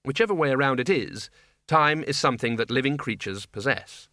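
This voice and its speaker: Casting: male audiobook narrator, bright and lively, dry close sound. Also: mid-range voice, a little fast, dry recording. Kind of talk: scripted narration.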